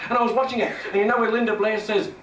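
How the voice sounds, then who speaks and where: A man's voice: high-pitched, fairly even intonation, racing, noisy background. A young Australian man doing brash, crude, mocking stand-up crowd work on a pub stage. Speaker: comedian. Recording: echoey pub from a far camera.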